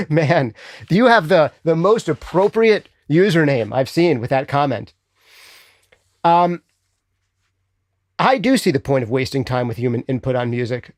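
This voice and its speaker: A man's voice: medium pitch, moderate pace, no room sound. Chatty man on a dry close mic. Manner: chatty, animated, thinks aloud with fillers. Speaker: host answering chat questions. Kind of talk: casual livestream chat.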